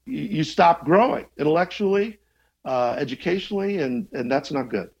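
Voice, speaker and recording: Gravelly fifty-something man, lo-fi sound. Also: on the high side, lively intonation, normal speed. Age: 50s. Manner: thoughtful, restarts often, chuckles. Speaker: journalism teacher, guest. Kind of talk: conversational interview.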